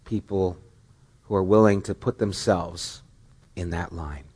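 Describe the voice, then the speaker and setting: A man's voice: sits low, steady tone, measured pace, a little mellow, slightly rough. A middle-aged man preaching a sermon as pastor, earnest and questioning, with rising emphatic stretches.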